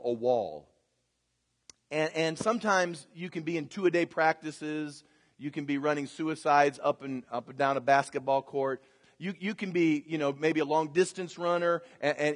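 Fifty-ish preacher guy, high voice, goes from chatty to shouting, big hall echo. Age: 50s. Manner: builds from conversational to shouted preaching. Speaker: pastor. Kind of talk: sermon.

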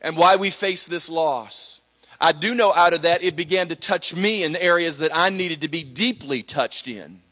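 Middle-aged male pastor, slightly high voice, chatty testimony with restarts, long hall reverb. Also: moderate pace, sharp tone. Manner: conversational storytelling with many fillers and restarts. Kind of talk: sermon testimony.

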